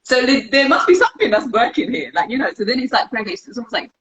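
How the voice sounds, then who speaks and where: A young woman guest in a casual interview talks fast in a slightly high voice, candidly acting out her own thoughts in an animated way. She's a dance practitioner; the recording is dull and lo-fi with slight background noise.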